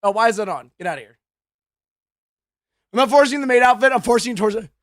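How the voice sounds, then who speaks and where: A man's voice: very high voice, quick pace, fairly bright tone. A man streaming a game live, chatting with his viewers with melodramatic, mock-whining outbursts on a desk microphone. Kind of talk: live gameplay stream chat.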